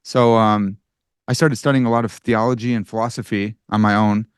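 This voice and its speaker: A man's voice: on the low side, level tone, a little fast, smooth, no room sound, studio quality. Casual, self-deprecating young man. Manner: casual, self-deprecating, with many fillers and restarts. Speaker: podcast guest, philosopher and writer. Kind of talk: casual conversational storytelling.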